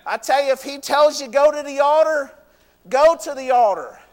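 High-voiced fervent man preaching. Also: moderate pace. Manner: fervent, repeats "you know what" and "I tell you". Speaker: pastor. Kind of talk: sermon. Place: church. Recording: long reverb of a church hall.

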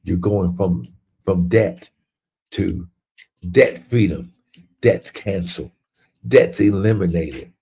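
A man's voice: sits low, takes it slowly, long pauses, warm tone, slight background noise. A man preaching a livestreamed sermon, fervent and repetitive, reading scripture and breaking into rising exclamations.

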